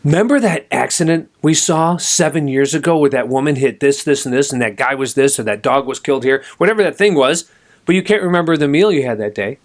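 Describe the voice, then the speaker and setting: Animated, slightly high-voiced male podcast host. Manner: animated, conversational, talks straight to listener. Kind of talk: storytelling monologue.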